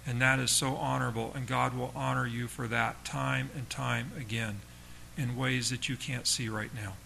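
A man's voice: mid-range voice, flat delivery, normal speed, vocal fry, sharp tone, a little hiss or hum, low-quality recording. A man as a pastor, speaking earnestly and emotionally at a funeral, addressing the grieving son directly with repeated phrases. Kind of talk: funeral sermon.

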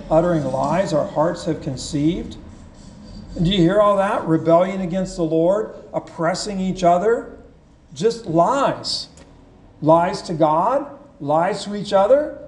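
A man preaches with slow, deliberate emphasis, his voice high yet mellow. He reads scripture aloud and unpacks it for the congregation. The sound carries the roomy echo of a church sanctuary. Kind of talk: sermon. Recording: echoey church room.

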